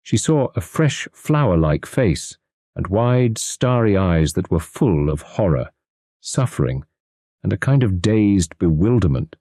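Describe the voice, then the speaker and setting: Male audiobook narrator, low dark voice, animated delivery, dry close recording. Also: unhurried, no room sound. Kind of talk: audiobook narration of a classic mystery.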